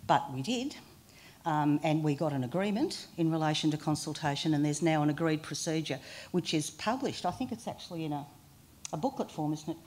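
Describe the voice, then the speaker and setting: A woman's voice: low voice, lively intonation, a little fast, a little mellow. A woman giving a seminar talk in an informal manner, with frequent hesitations. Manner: informal, hesitant fillers, self-deprecating. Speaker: guest speaker. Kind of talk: presentation to a seminar. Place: meeting room.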